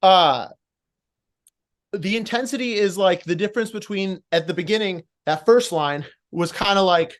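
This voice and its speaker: Male judge, higher-pitched, talks through notes with lots of fillers, on a computer video call. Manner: coaching, encouraging, thinks aloud with fillers. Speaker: promo competition judge. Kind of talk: casual critique on a live panel.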